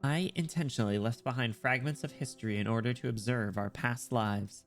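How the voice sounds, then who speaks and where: A man reading out a detached priestess who speaks in a cold, matter-of-fact way. The delivery stays flat and drained of feeling, with faint game music behind. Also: medium pitch, fairly quick, close to an everyday voice.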